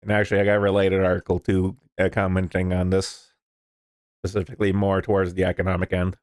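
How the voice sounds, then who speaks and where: A man's voice: low-pitched, completely flat delivery, fast, a little mellow, dry recording, clean studio sound. A man casually commenting on the news, rambling and swearing, with lots of fillers. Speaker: streamer reading the news.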